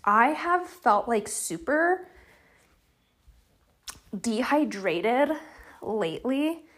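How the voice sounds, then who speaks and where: A young woman hosting a loose solo podcast from her bedroom at night, chatty and rambling with lots of fillers, relaxed and drowsy as she lies down. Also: fairly high pitch, extremely slow. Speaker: podcast host. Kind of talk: unstructured solo podcast chat.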